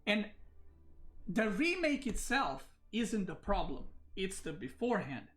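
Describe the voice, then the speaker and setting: A man's voice: sits high, sing-song, a little slow, fairly bright tone. Agitated man ranting on a livestream. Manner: agitated, ranting, frequent restarts. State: upset. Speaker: esports player and streamer. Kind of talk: livestream rant.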